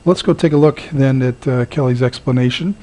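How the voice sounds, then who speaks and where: A man teaching a recorded lesson, halting with frequent fillers and repeating words slowly to model their sound. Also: medium pitch, mellow. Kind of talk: recorded lecture.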